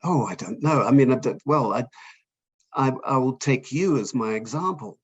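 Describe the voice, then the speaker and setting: An older man from Fiji, an author talking in an interview, hesitant and self-deprecating with many pauses and restarts. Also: mid-range voice, lively intonation, husky, muffled recording. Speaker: author guest. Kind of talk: conversational interview.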